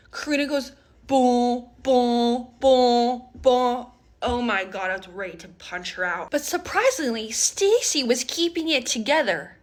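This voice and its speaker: A woman telling a workplace story in a storytime skit, animated, dropping to whispers and rising again. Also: on the high side. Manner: animated, switching between whispers and raised voices.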